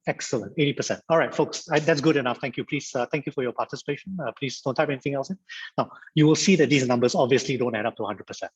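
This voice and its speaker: Man, guest trainer on a video call, husky, lo-fi sound, playful auctioneer-style patter. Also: mid-range voice, very fast. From Singapore. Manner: lively, repeats phrases, auctioneer-style banter. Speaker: guest speaker at a mediation training. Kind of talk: interactive online lecture.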